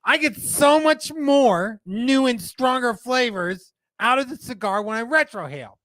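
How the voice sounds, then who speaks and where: A man's voice: extremely high pitch, expressive, measured pace, a bit bright, dry recording, pitched above the performer's own voice, exaggerated voice. A man putting on a nerdy voice for a gushing fan as he reads a viewer comment aloud. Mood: giddy nerdy.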